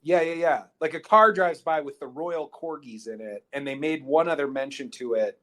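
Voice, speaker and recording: Man with a slightly high voice, podcast co-host, casual rambling recap, lots of fillers. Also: moderate pace, fairly bright tone. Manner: rambling, filler-heavy plot retelling. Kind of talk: casual movie recap chat.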